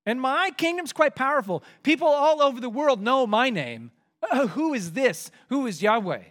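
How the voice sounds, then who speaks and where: A man's voice: sits high, big pitch swings, unhurried, a bit bright, heavily acted. A man voicing a proud, scornful male king who mocks and dismisses the people pleading before him. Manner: dismissive, mocking.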